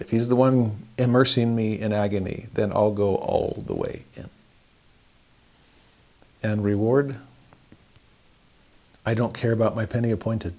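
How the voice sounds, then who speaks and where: In a conversational verse-by-verse scripture lesson, a man chuckles often and lifts his pitch to stress points. His voice is a little mellow.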